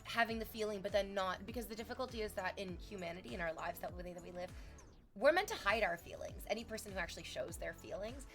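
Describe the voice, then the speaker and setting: Young woman streamer, casual reflective chat, frank and sweary, middle pitch. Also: fast, a bit bright, soft background music. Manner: reflective, candid, swears freely.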